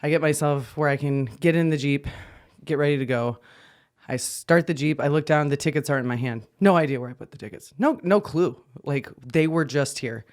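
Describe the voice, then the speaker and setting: An anxious man co-hosting a podcast, telling stories in an animated way, laughing often and jumping up in pitch when worked up. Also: brisk. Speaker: podcast co-host. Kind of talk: casual chat.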